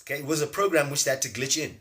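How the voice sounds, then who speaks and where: A man's voice: on the high side, racing, sharp tone. A man giving a casual spiritual talk on a livestream, reading out viewers' names and often asking "see?" to press his points. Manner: loose, emphatic, keeps asking "see?". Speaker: spiritual teacher and livestream host. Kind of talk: casual livestream teaching with chat shout-outs.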